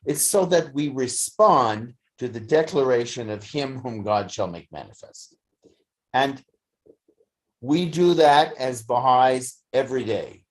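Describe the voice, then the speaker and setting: Slow, halting study class teacher. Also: mid-range voice, animated. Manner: halting, many fillers and restarts. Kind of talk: slow, thoughtful lecture. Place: study session streamed on video call.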